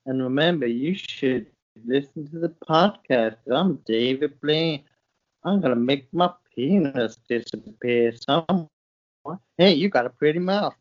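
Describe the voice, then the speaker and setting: A man's voice: on the high side, unhurried, lightly acted. Cocky street magician with a lazy drawl, as a man puts him on, muffled remote line. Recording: dull lo-fi remote call line.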